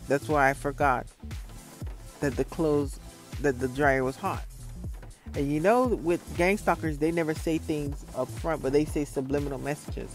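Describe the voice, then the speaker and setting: A man from Florida telling a rambling, profane story in a casual vlog monologue. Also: on the high side. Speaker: vlogger.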